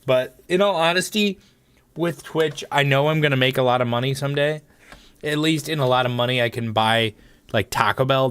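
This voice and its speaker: A man's voice: a bit bright, no room sound. A young man chatting casually on a live stream, joking around and slipping into silly voices. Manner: joking, goofy, breaks into silly high voices.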